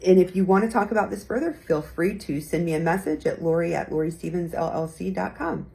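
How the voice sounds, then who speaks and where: A woman's voice: lowish voice, brisk, vocal fry, dark tone, slightly rough. A woman hosting a weekly talk, teaching about tone of voice in a conversational, encouraging way and acting out different tones as examples. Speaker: host and communication coach.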